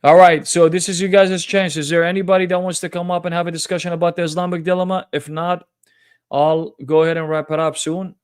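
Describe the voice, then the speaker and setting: A man's voice: a little high, flat delivery, fast, smooth, no room sound, studio quality. A man hosting a live-streamed religious debate, talking in a confrontational, mocking way. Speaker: debate livestream host.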